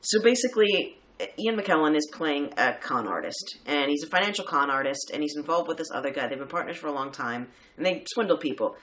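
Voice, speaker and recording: A man casually reviewing a film with a co-host, talking in an animated way with laughs and the odd swear. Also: fairly high pitch, a little fast.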